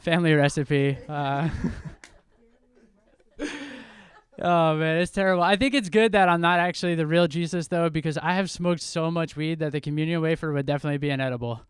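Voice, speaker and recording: A man's voice: fairly high pitch, fairly quick, clear, resonant tone, dry recording. A man from New Jersey doing a self-deprecating stand-up set on a club stage into a handheld mic. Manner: self-deprecating, relaxed deadpan delivery. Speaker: stand-up comedian.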